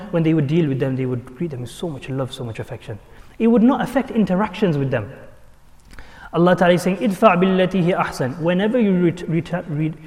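A man's voice: high voice, a little mellow. A man giving an earnest sermon, repeating his points and mixing in Arabic and Urdu terms. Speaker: Islamic preacher. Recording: long hall reverb.

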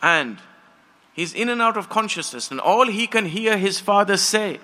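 A man's voice: high voice, lively intonation, normal speed, bright, forceful tone. A man preaching a sermon, telling stories with passion and acting out the voices of the people in them. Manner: impassioned storytelling, acts out quoted voices.

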